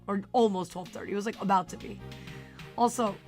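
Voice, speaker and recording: A young woman streaming a game, chatting casually with her viewers, her voice worn and a little raspy. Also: medium pitch, fairly even intonation, a little fast, music in the background. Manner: chatty, giggly, talks to chat. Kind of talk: casual live-stream chat.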